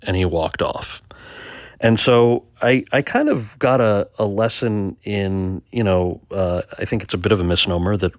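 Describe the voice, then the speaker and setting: A man's voice: fairly low pitch, unhurried, no room sound, studio quality. A man, an actor and author, recounting his experiences in a reflective interview, often repeating words as he talks. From United States. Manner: reflective, stammers and repeats words, animated quoting. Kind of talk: storytelling interview.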